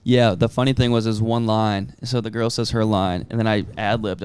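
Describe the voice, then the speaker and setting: A man who is an actor, chatting casually as a podcast guest and telling stories with a relaxed manner. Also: on the low side, fairly quick, hardly any pauses, smooth, no room sound.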